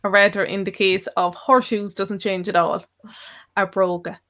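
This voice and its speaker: A woman's voice: mid-range voice, level tone, normal speed, fairly bright tone. A woman with an Irish accent, co-hosting a live language lesson, carefully explaining example phrases and repeating them. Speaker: Irish language teacher, co-host.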